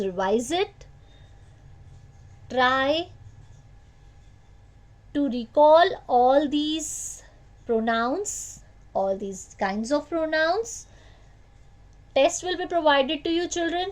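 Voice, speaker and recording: Slow-speaking woman teacher. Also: sits high. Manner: slow, repetitive teacher talk with questions to the class. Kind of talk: online grammar lesson for children.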